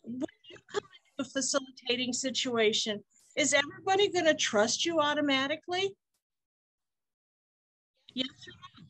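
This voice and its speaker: A woman's voice: sits high, normal speed, long pauses, fairly bright tone, no echo, low-quality recording. A woman leading a conference workshop on support groups, talking earnestly and asking the group questions. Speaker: workshop facilitator.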